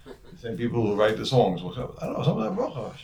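A man's voice: mid-range voice, sing-song, fast, gravelly, dull audio, background noise. A man with giving a conversational Torah lecture as a rabbi, full of Hebrew and terms and repeated words. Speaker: rabbi teaching a class.

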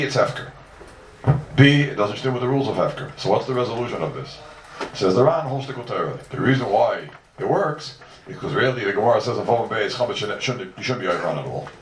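Animated man teaching Talmud, echoey room. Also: mid-range voice, slight background noise. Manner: animated, fires rhetorical questions. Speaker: Torah teacher. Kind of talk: Talmud lecture. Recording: roomy echo from far off, faint ambience.

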